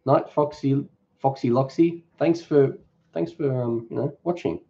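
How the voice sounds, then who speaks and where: A man's voice: mid-range voice, measured pace, warm tone, muffled recording. A man hosting a cooking channel's live Q&A. He reads viewer comments aloud and answers them in an easygoing, off-the-cuff way. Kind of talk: casual live-stream Q&A.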